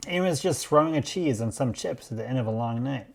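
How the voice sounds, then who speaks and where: A man hosting a podcast, telling food history in a measured, explanatory way. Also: medium pitch, lively intonation, a little mellow, breathy edge. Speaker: podcast host.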